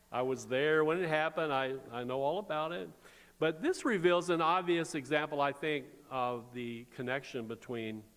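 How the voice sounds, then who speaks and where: A man's voice: medium pitch, a bit bright. A man preaching a sermon as pastor, conversational, with wry asides. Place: church sanctuary. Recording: long church reverb.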